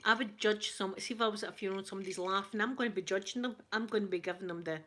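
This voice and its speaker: A woman's voice: medium pitch, racing, a little hiss or hum. Chatty Scottish woman telling a story. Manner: chatty, animated anecdote telling. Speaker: ASMR channel host. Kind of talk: casual storytelling chat.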